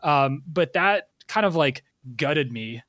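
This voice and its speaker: Wry podcast man, slightly higher voice, dry close recording. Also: lively intonation, a bit bright, dry recording. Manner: wry, drawn-out storytelling. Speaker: podcast co-host. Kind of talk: casual chat.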